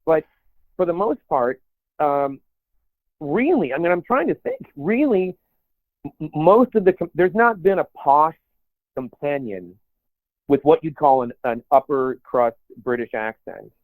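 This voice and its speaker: A man's voice: a little high, animated, a little slow, long pauses, dry recording. A man co-hosting a podcast in casual chat, rambling with many restarts and put-on quotes. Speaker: podcast co-host. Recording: tinny phone-like sound, dry.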